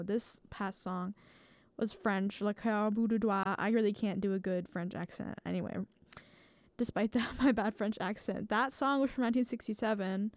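A woman's voice: medium pitch, darkish tone, smooth, no echo. Chatty American woman hosting a music show. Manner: chatty and rambling, many likes and restarts. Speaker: radio show host. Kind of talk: casual music show chat.

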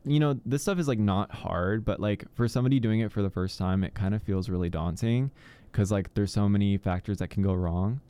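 A man's voice: lowish voice, a little fast, dark tone, smooth. A young man co-hosting a radio show in casual chat, rambling with many "like" fillers.

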